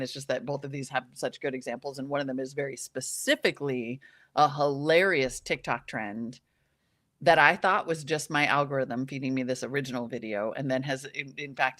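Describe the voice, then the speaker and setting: A woman's voice: rumbling low, brisk, no room sound, clean studio sound. A woman co-hosting a live-stream podcast, chatting casually and animatedly, often laughing and acting out what other people say. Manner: animated, laughing, acts out quoted voices. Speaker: podcast co-host.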